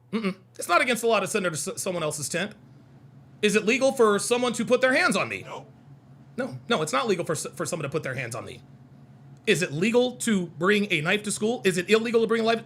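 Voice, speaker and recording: A man's voice: sits high, a bit bright. A man hosting a heated livestream, reading out chat comments and arguing with them in a combative, mocking way, repeating his points.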